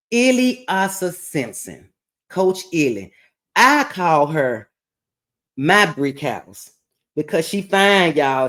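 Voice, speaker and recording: Woman, podcast host, testimonial storytelling, animated, laughing, slow-paced. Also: lowish voice.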